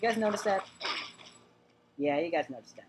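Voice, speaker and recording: Woman, gaming host, lowish voice, rambling let's-play chatter, noisy home recording. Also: expressive, normal speed. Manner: chatty, repeats words, talks to the game characters.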